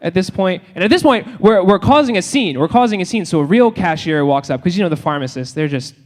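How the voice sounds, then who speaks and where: A man's voice: sits high, lively intonation, fast talker. A man doing a live stand-up comedy set, chatty and self-mocking, laughing at his own jokes on a handheld stage mic. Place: live comedy hall with audience.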